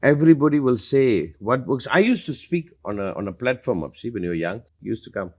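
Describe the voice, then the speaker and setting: A middle-aged man speaking as a spiritual teacher in a live question-and-answer talk, emphatic and passionate. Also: fairly quick. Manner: emphatic, passionate, lively swings in pitch and loudness.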